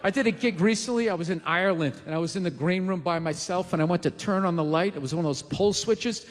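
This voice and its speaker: A man's voice: high-pitched, fast, long reverb tail. A man in his forties doing a stand-up comedy set, ranting and profane, with sarcastic asides. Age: 40s. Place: comedy stage.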